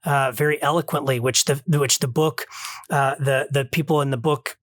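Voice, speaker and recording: A man's voice: mid-range voice, fairly even intonation, moderate pace, a bit bright, no room sound, studio quality. A man hosting a podcast, chatting casually through a review in an earnest, thinking-aloud way with frequent restarts. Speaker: podcast host.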